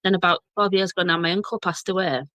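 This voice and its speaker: A Bradford woman in her thirties, a blogger and journalist appearing as a guest, chats casually in a broad Yorkshire accent, laughing often as she recounts ghost stories from her childhood. She talks fast with fairly even intonation, and her voice sits on the low side with a sharp tone. The recording is dry.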